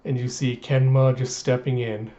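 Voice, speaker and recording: A man recapping a comic chapter in casual chat, rambling and hesitant with many pauses. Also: mid-range voice, little pitch movement, warm tone, muffled recording. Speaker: manga reviewer.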